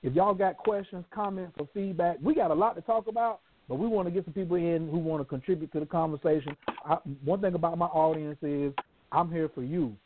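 Slangy host on a tinny phone line. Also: male voice, a little high, fairly quick, slight background noise. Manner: loose, slangy, playful banter. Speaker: host of a call-in show. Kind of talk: casual call-in show hosting.

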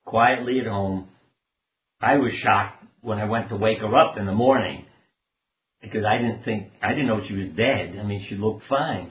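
An older man, a doctor and author, earnestly telling rambling personal anecdotes as an interview guest. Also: fairly low pitch. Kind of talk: conversational storytelling interview. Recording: phone-like line in a roomy space.

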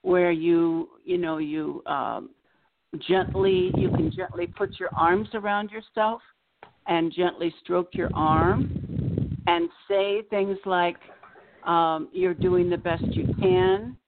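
A woman therapist speaks in a gentle, measured way, often building a point around an everyday example. Her voice has a gravelly, creaky grain. She comes through a tinny, phone-like line. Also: fairly low pitch, noisy background. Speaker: psychotherapist guest. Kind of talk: explanatory interview talk.

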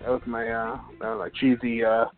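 A man's voice: medium pitch, sing-song, fairly quick, gravelly, soft background music. A man hosting a live radio show in a casual, joking, rambling way, with lots of fillers and restarts. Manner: jokey, rambling, with many fillers. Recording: tinny phone-like line, dry.

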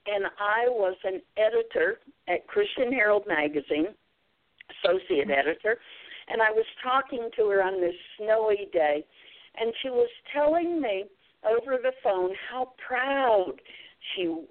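A woman's voice: mid-range voice, sing-song, a little slow. Appalachian woman telling a story. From southeastern Kentucky. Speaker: guest, author and speaker. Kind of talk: storytelling interview. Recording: tinny phone-like sound.

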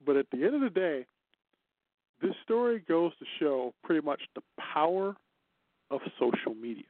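A man's voice: fairly high pitch, animated, moderate pace, long pauses, no echo. A man co-hosting a casual news chat show, chatty and teasing, laughing often. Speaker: co-host. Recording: dry, tinny phone-like line.

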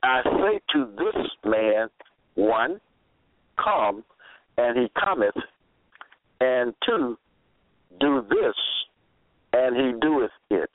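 Male preacher, unhurried and emphatic, heard over a thin phone-like line. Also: mid-range voice, sing-song, dry recording. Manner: deliberate, spells words out, repeats phrases for emphasis. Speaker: religious preacher. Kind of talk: slow scripture-quoting sermon monologue. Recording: tinny phone-line audio, dry.

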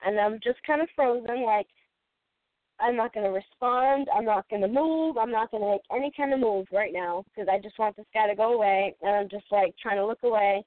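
A woman's voice: medium pitch, a little fast, no room sound. A woman in her thirties co-hosting a podcast, telling a story in a rambling way and laughing often. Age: 30s. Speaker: podcast co-host. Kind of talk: casual storytelling chat. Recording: dry, tinny phone-like sound.

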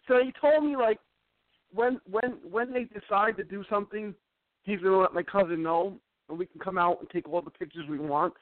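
Man, rambling sports radio host, high voice, tinny dry phone line. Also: normal speed, dry recording. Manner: rambling storyteller, repeats and restarts. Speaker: sports talk show host. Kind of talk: casual call-in radio chat.

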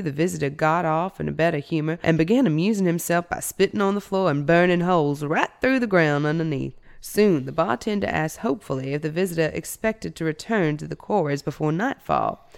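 Lively woman storyteller. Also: low voice, creaky, clear, resonant tone. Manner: lively storyteller, playful banter. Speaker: podcast co-host. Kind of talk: reading a folktale aloud, then casual chat.

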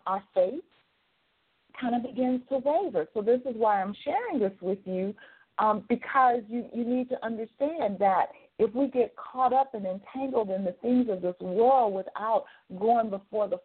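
A woman hosting a faith talk radio show, sharing a personal testimony in an earnest, conversational way. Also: low voice. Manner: earnest, conversational, with frequent "you know" and "okay?". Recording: phone-like narrow sound.

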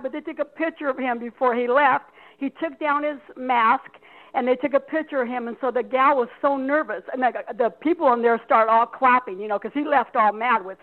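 Woman, radio caller, rambling storyteller, high voice, phone-line audio. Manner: chatty, rambling storyteller with quick laughs. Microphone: telephone.

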